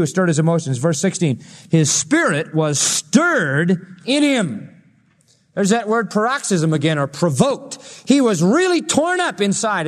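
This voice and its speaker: A man preaching a sermon as a pastor, with an emphatic delivery that swells and drops. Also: high-pitched. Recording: long reverb of a hall.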